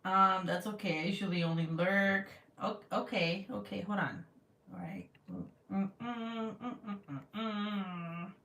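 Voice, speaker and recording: A woman's voice: mid-range voice, a little slow, a bit bright. Laughy middle-aged woman on a craft stream, cussing n self-roasting, sounds a bit far off in an echoey room. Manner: giggly, self-mocking, swears casually. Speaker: craft livestream host. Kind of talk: casual livestream chat reading comments. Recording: roomy sound, voice away from the mic.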